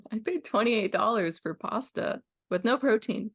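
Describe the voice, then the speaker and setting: A woman's voice: mid-range voice, a little slow, husky, dry recording, clean studio sound. A young woman co-hosting a podcast in casual chat, laid-back with short remarks. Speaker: podcast co-host.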